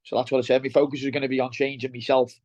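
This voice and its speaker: Very fast and flat, with a slightly mellow medium pitch and no room sound, this guest speaks with a Merseyside accent. The middle-aged former welder, now heading operations, chats about his job in a blunt, down-to-earth way, keeps saying "mate," and comes through on a dull lo-fi recording.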